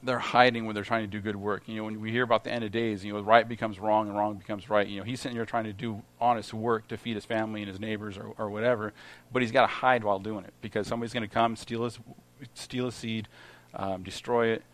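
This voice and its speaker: A man's voice: lowish voice, little pitch movement, fast, fairly bright tone. A middle-aged man giving an informal Bible teaching, reading verses aloud and then explaining them with many restarts and fillers. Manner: reads scripture aloud then comments conversationally. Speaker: lay preacher at a Bible study.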